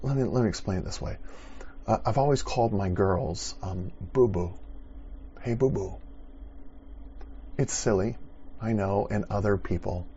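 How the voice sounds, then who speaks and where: A middle-aged man preaching a sermon, conversational and playful, rising to loud dramatic bursts. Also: fairly low pitch, lo-fi sound, a little hiss or hum. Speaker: pastor.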